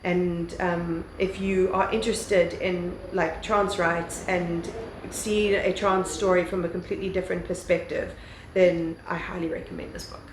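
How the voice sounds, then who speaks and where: A woman's voice: fairly low pitch, level tone, unhurried, reverberant, background noise. A woman chatting casually as she reviews books on her vlog, rambling with lots of fillers and the odd swear word. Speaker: book vlogger. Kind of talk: casual book review chat.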